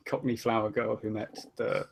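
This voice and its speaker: A man from Britain with a posh British accent, a player in a tabletop game, soft-spoken and wry. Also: fairly low pitch, completely flat delivery, a little slow, creaky, a little hiss or hum. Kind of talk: casual tabletop game planning.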